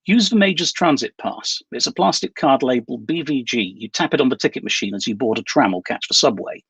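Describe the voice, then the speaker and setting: A man reading a novel aloud voices a calm, businesslike female handler giving instructions by phone. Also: medium pitch, fairly quick, slightly rough, dry recording, full character voice. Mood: brisk.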